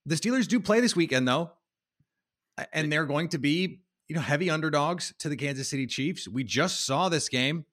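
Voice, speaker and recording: A man hosting a sports podcast, reading headlines in a steady, plain delivery. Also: on the high side, normal speed. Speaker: podcast host.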